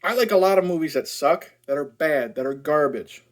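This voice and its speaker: A man's voice: fairly high pitch, animated, brisk. A man ranting in a casual movie review, blunt, profane and sarcastic.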